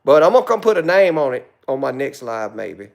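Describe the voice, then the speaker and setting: A man hosting a live stream, ranting loudly with insults and rambling asides. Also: mid-range voice, very animated, brisk, creaky. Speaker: livestream host. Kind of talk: profane rant on a live stream.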